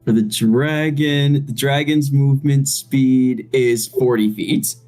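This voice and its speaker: A woman's voice: rumbling low, steady tone, slow, mellow, soft background music. A woman playing a tabletop game, playful and teasing, narrating her character's actions.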